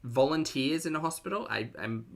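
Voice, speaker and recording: A man's voice: fairly high pitch, expressive, normal speed, vocal fry, fairly bright tone. A man with an Australian accent, giving sarcastic, chatty reaction commentary on a live stream and reading out chat messages.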